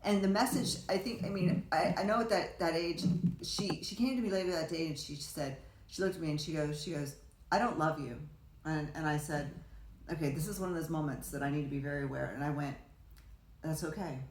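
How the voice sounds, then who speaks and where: A woman's voice: sits low, fairly even intonation, quick pace, darkish tone, a little hiss or hum. A woman talking casually as a podcast guest, a rambling storyteller who restarts often and acts out quotes. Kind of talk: casual conversation. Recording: roomy echo.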